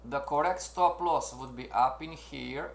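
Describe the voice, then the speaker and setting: A man teaching a live online trading lesson, animated and checking in often with his class, acting out traders' worries in their own voices. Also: medium pitch, unhurried, gravelly. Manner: animated, repeats "make sense, everybody?", acts out traders' inner voices. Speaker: trading instructor. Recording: roomy echo.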